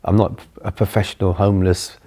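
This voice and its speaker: A middle-aged man with a London accent speaks in a fairly low, mellow voice. He tells his stories earnestly in an interview, circling back and repeating phrases as he goes. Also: flat delivery, brisk. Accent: London English. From England. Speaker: charity chief executive. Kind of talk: storytelling in an interview.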